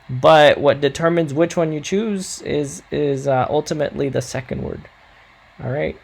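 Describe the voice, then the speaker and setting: A man's voice: on the high side, gravelly. A man teaching a recorded Spanish grammar lesson, coaching students patiently and checking in often with "all right?".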